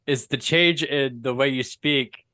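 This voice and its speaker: A man's voice: mid-range voice, measured pace, bright, forceful tone, no echo, studio quality. A man playing a tabletop game, chatting casually and hesitantly, often restarting himself. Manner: hesitant, self-interrupting. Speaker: player.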